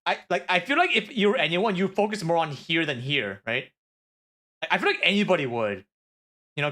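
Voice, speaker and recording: Excitable male streamer, high voice, rambling casual match breakdown. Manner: excitable, rambling with many filler words. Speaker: streamer reviewing esports matches. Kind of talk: casual game analysis.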